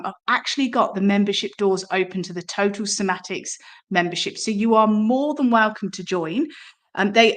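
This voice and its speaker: A middle-aged woman, a somatic movement teacher, talking directly to listeners in an encouraging, chatty way and asking them questions. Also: medium pitch. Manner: warm, encouraging direct address with rhetorical questions. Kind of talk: podcast-style promotional talk.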